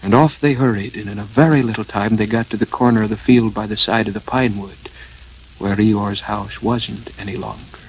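A man reading a children's story aloud in an even, gentle narration. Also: lowish voice, moderate pace, slight background noise, low-quality recording.

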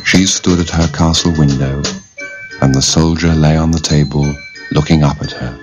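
A man reading a children's fairy tale aloud with expressive storytelling. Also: extremely low pitch, normal speed. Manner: expressive, varied storyteller's delivery. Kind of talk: storybook narration. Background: soft instrumental music.

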